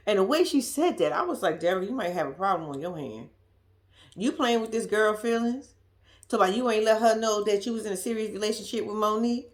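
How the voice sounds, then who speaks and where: A woman's voice: medium pitch, animated, fairly quick. A woman giving a blunt, profane, sassy recap of a reality show in casual chat, laughing often. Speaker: reaction commentator.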